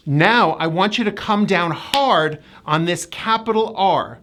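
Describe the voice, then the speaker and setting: A woman's voice: fairly low pitch, animated. A woman with an American accent teaching pronunciation, drawing out each sound and repeating words carefully. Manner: slow, exaggerated enunciation with drilled repetitions. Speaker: pronunciation coach. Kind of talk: pronunciation lesson.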